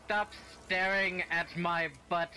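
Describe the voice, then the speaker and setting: Guy doing slow goofy game commentary, talks to all the aliens, music going behind. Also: high voice, level tone, sharp tone. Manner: chatty and playful, talks to the game creatures. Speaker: gaming video host. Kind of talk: casual gameplay commentary.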